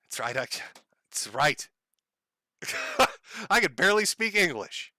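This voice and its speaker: A man's voice: sits high, huge pitch swings, slow pace, bright, forceful tone, no echo, studio quality. A middle-aged man streaming, chatting casually, reading donations and swearing freely with a wry, joking manner. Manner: profane, wry, laughs at his own jokes. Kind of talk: casual live-stream chat.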